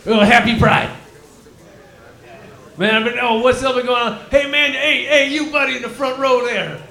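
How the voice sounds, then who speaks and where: A man's voice: very high voice, normal speed, creaky, pushed and bright, full character voice. A man voicing a crude, stoned male Texan cobra with a put-on Texan drawl, rambling and whooping in a live stand-up character bit. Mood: stoned rowdy. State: claims to be high, cotton mouth. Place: comedy lounge stage, live. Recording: roomy live club room.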